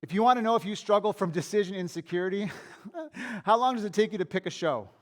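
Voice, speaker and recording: High-voiced pastor preaching candidly. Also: male voice, fast talker. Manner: candid, conversational preaching with anecdotes; repeats and restarts words when worked up. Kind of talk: sermon. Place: church.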